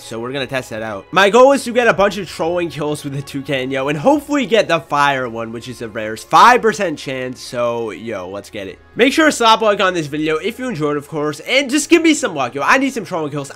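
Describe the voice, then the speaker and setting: A young man hosting his own channel, giving excited gameplay commentary with loud outbursts and a lot of "yo". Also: fairly high pitch. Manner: hyped, loud outbursts, lots of "yo". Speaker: gaming channel host.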